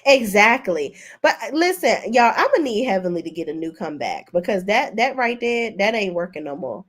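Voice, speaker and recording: Woman, sassy reality TV recap host, mid-pitched voice, expressive, laughs often. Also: normal speed. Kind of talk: casual commentary with live chat.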